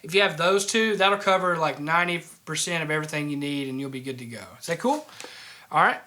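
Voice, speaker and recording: A man teaching a drumming lesson in a casual, relaxed way, often checking in with the student. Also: a little high, quick pace, slight background noise. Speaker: drum teacher. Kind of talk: casual instructional talk.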